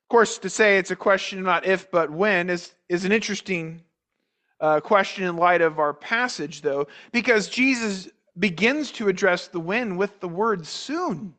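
A man with a notably high-pitched voice delivers a sermon from the pulpit. He preaches in a measured, deliberate way, often repeating words as he restarts a phrase. He asks the congregation rhetorical questions as he works through a scripture passage. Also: sharp tone. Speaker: pastor.

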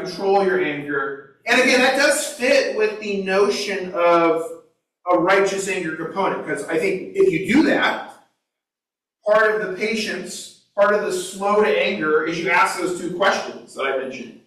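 A man with a fairly high voice teaches a Bible class in a loose, conversational way and checks in with the group. He sounds distant from the mic, and a heavy echo from the room rings around him. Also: unhurried, a bit bright. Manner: conversational, asks the group questions. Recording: echoey room, mic far away.

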